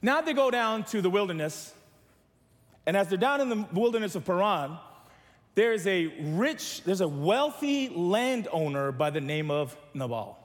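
A man's voice: sits high, very animated, unhurried, in a large hall. A man preaching a sermon as pastor, mixing humor with calls for the church to respond.

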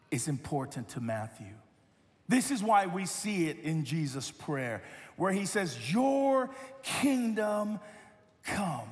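A man preaching a sermon as a pastor, telling stories with lively quoted voices and many repeated words. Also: high-pitched, in a large hall.

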